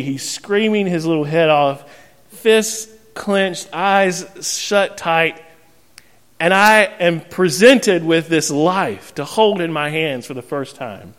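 Male pastor, 30s, animated sermon storyteller, self-mocking, slightly high voice, long hall reverb. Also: slow pace.

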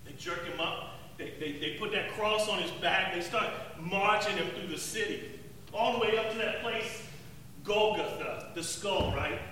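A man playing a rough, remorseful zealot in a dramatic first-person monologue, talking in an emphatic, street-tough way and repeating words. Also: high-pitched, moderate pace, sharp tone, a little hiss or hum. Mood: solemn. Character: rough, remorseful male zealot recalling the crucifixion. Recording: echoey hall, distant mic, faint ambience.

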